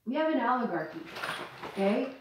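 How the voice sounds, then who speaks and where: A woman's voice: fairly high pitch, very animated, brisk, background noise. A woman hosting a video commentary, ranting in a sarcastic, impassioned way. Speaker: host. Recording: echoey room, mic far off.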